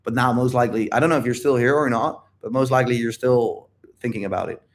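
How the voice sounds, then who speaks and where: A man's voice: mid-range voice, fast. A man holding a livestream Q&A as a dating coach, talking straight to his viewers in an emphatic, repetitive way and swearing freely. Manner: addresses viewers directly.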